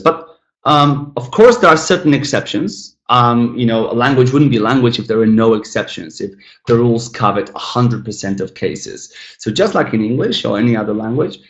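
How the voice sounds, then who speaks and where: A man's voice: medium pitch, highs cut off. Chatty male English teacher. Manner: chatty, addresses the class as "guys" and invites chat replies; models word stress by repeating words slowly and clearly. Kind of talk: online English lesson.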